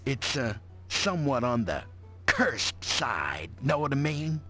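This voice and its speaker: A man's voice: medium pitch, big pitch swings, takes it slowly, bright, forceful tone, faint music behind, exaggerated voice. An actor playing a laid-back male villager in a video game, drawling with slangy, conspiratorial asides.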